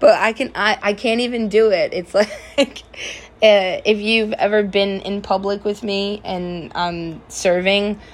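A young adult woman hosting a podcast, telling candid, profane stories in a casual monologue and often breaking into loud laughter. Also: mid-range voice, fairly even intonation, measured pace. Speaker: podcast host.

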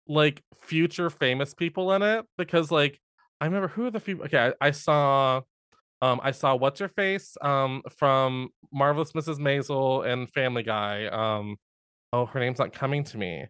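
A man co-hosting a podcast in casual chat, animated and laughing often. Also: mid-range voice, smooth, dry recording, clean studio sound. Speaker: podcast co-host.

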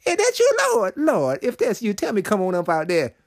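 A man voicing a fearful disciple who calls out in high, pleading cries. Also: wildly swooping pitch, moderate pace, heavily acted. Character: fearful adult male disciple calling out.

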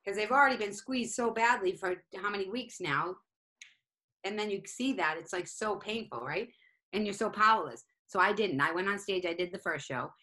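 A woman comedian telling a story in casual chat, animated and profane, acting out each side of it. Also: mid-range voice, moderate pace. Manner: animated, profane, acts out both sides of a story. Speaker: stand-up comedian, guest.

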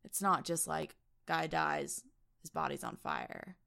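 A woman co-hosts a casual film review chat, walking through scenes in lively detail. Her voice sits a little low with a gravelly, fry-laden texture. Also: slow pace. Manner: animated, retells scenes in detail. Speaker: podcast co-host.

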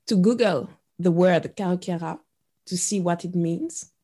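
Interview guest, woman, low and mellow, thoughtful with hesitations. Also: a little slow. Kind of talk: interview conversation.

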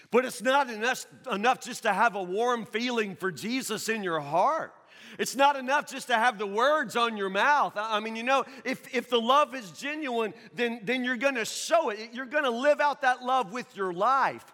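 A man's voice: very high-pitched, moderate pace, bright, forceful tone. A man preaching a sermon in a conversational, questioning way, repeating his points for emphasis. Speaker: pastor. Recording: long reverb of a large hall.

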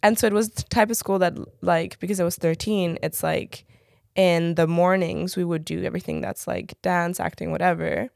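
Young woman w british accent, gravelly edge to her voice, dry close sound, chatty and says "like" constantly. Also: lowish voice, steady tone, moderate pace, a little mellow, no room sound. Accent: British English. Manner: chatty, many "like" fillers, laughs often. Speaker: actor, podcast guest. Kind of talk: casual interview chat.

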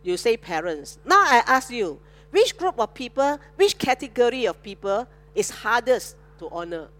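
A woman preacher delivers a sermon in a fairly high, very lively voice that swings up and down. She keeps checking in with the congregation through call-and-response. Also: normal speed. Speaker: pastor.

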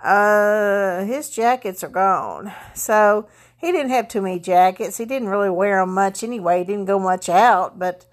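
A woman's voice: medium pitch, a little slow. A woman vlogger chatting casually about her holidays, rambling with many fillers and restarts. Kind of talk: casual chat.

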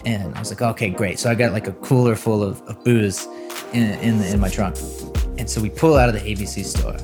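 A young man hosting a podcast, telling a story in a casual, animated way and often breaking into laughter. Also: fairly low pitch, over music. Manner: animated storyteller, quick to laugh, mimics voices. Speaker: podcast host.

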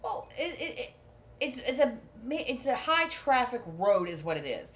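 A woman's voice: high voice, very animated, moderate pace, slight background noise. A woman co-hosting a podcast, telling a story in casual chat, hesitant with many restarts. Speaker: podcast co-host. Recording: dull lo-fi recording.

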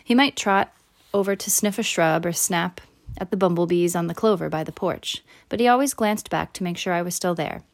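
A woman's voice: brisk, gravelly. A woman reading a first-person children's novel aloud, lifting her voice for the characters' lines. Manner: voices characters with raised pitch and louder quotes. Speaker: audiobook narrator. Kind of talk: first-person storybook narration.

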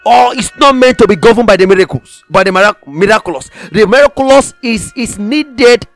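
A man's voice: sits high, expressive, a little fast, no room sound, faint music behind. A man preaching a sermon, emphatic, repeating phrases for stress and reading scripture aloud in old-fashioned wording.

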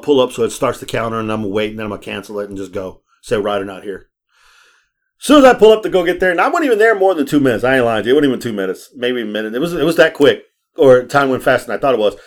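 Guy rattling off a story quick, mid-pitched, does all the voices, swears a lot. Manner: animated, acts out quoted voices, swears freely. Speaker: podcast host. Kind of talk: casual storytelling chat.

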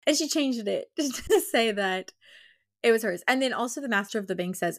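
Young woman podcast cohost, kinda high voice, acts out the characters as she goes. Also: lively intonation, moderate pace. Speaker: podcast co-host. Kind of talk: casual book discussion.

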